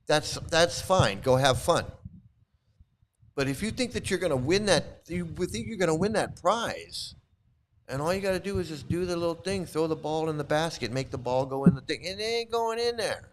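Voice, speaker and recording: A man's voice: moderate pace, a little hiss or hum. Mocking man ranting in casual commentary. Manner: animated, mocking, swings into high exclamations. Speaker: commentary host.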